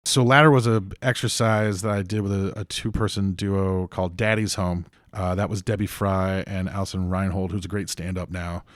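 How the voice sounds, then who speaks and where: A man talking in a casual podcast interview about improv and comedy writing. He tells stories with energy and jumps into loud, high voices when he quotes people. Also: flat delivery, moderate pace, hardly any pauses, no echo, studio quality. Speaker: improv teacher and theater co-founder.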